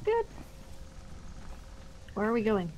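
A woman's voice: fairly high pitch, huge pitch swings, takes it slowly, darkish tone, highs cut off, slight background noise. A young woman chatting bluntly and joking with lots of swearing while playing a game with a friend. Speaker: gaming streamer. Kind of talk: casual gaming chat.

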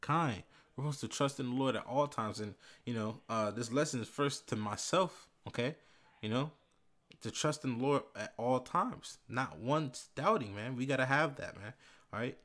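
A man giving a casual bible lesson, reading verses slowly and with emphasis, tagging phrases with "man" and "all right". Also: mid-range voice. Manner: reads scripture slowly and loudly, fillers like "man" and "all right". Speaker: bible teacher.

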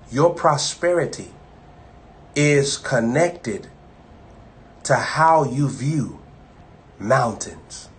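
A man gives an informal sermon over a live stream, speaking conversationally and repeating himself as he swings between loud bursts and low asides.

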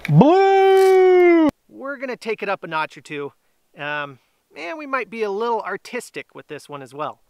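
Upbeat chatty man with a high voice. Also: big pitch swings, gravelly, bright, forceful tone, muffled recording. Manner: upbeat, chatty, drawn-out announcements. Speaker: grilling channel host. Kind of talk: casual giveaway vlog. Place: outdoors.

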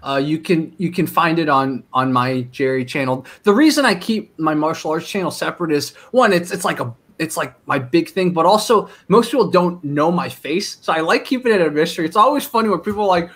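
A man guesting on a live stream, talking in a relaxed, easygoing way. His voice sits a little higher than most men's. He keeps the chat loose and friendly. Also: a little fast, few pauses. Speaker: guest YouTuber.

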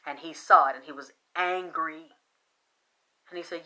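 A woman hosts a video, spinning a rambling conspiracy tale in an animated, conspiratorial manner that veers between loud and quiet. Her voice is deep and her delivery unhurried.

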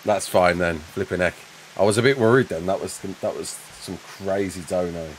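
A man's voice: deep voice, moderate pace, slight background noise. A man with a Black Country accent in his thirties, chatting casually on a game livestream, reading out chat and thanking donors with a self-mocking humour. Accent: Black Country English. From Black Country, England.

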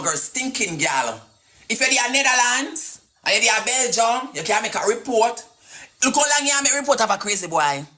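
A woman's voice: on the high side, bright, forceful tone, slight background noise. A woman with a Jamaican Patois accent ranting angrily on a live stream, cursing and taunting, sometimes half singing her words. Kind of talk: angry live-stream rant.

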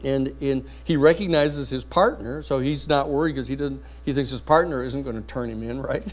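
A man lecturing a university class, telling a courtroom story in a blunt, lively anecdotal way. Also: medium pitch, moderate pace.

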